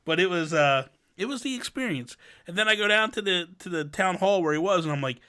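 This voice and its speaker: A man in his thirties hosts a casual podcast, telling stories with lively acted-out quotes. His voice is bright and a touch high. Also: brisk, hardly any pauses. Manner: animated storyteller, acts out quotes. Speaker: podcast host. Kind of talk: casual chat.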